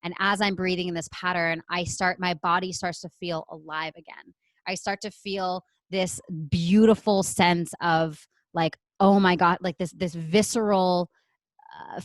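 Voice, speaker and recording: A woman from Canada, a podcast guest telling a personal story in a lively way and acting out what she said back then. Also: on the low side, no echo, low-quality recording. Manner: animated, acts out her own past lines. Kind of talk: storytelling interview answer.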